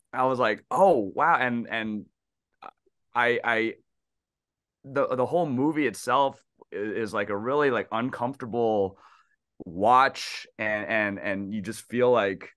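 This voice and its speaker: A man's voice: mid-range voice, slow pace, a bit bright, clean tone, no room sound, clean studio sound. A man guest on a casual podcast who talks in an easygoing, hesitant way and acts out his own quoted reactions.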